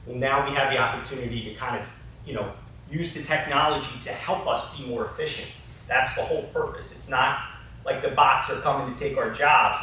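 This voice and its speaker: A man gives a loose, conversational talk at a conference, his voice bright and forceful. The sound comes from a distance in a very echoey hall, with a faint hiss underneath. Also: mid-range voice. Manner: conversational, with frequent "you know" and "right?". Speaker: conference presenter. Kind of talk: casual conference presentation.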